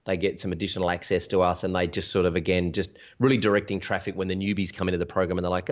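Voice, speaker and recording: A man's voice: low voice, level tone, racing, hardly any pauses. A man talking as an interview guest, explaining his business with energy, examples and restarts in casual conversation. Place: Sydney. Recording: dull lo-fi sound.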